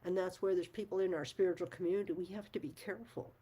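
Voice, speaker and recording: Casting: middle-aged woman, frank and emphatic vlog host, low husky voice. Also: fairly even intonation, quick pace, mellow. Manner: frank, emphatic, swears, laughs often. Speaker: channel host. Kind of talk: casual talk to camera.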